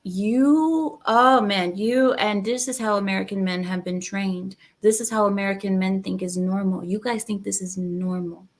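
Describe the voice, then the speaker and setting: Here a female channel host reacts to a clip, offering emphatic, lecturing opinions she keeps repeating. Her medium-pitched voice stays steady at a moderate pace, with hardly any pauses.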